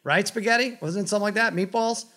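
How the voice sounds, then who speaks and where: Animated, higher-voiced ranting male host. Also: fast talker. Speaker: sports talk show host. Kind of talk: casual sports talk banter.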